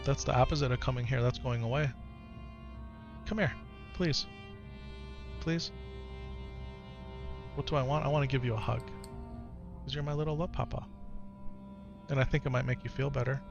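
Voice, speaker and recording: A man in his thirties with an American accent, a streamer and father talking at home, gentle and patient with his child, lively with his chat. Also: medium pitch, normal speed, creaky, pauses often, dull audio, over music. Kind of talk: casual live-stream chat.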